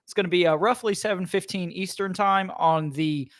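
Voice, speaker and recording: A man's voice: high-pitched, moderate pace, fairly bright tone. A man co-hosting a casual podcast, making dry, wry quips. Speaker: podcast co-host. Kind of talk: casual comedic chat.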